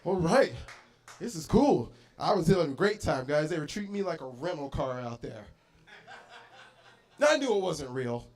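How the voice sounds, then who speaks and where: A young adult man from Arizona doing an animated stand-up comedy set in a bar, with loud bursts and acted-out voices. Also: fairly high pitch, normal speed, pauses often, soft background music.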